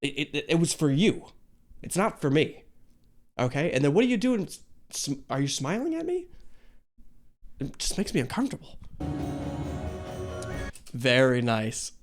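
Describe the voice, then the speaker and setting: A man hosting a reaction video, talking casually and animatedly, swearing freely, stammering and restarting, and jumping into a high, excited pitch when something surprises him. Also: a little slow, long pauses, soft background music.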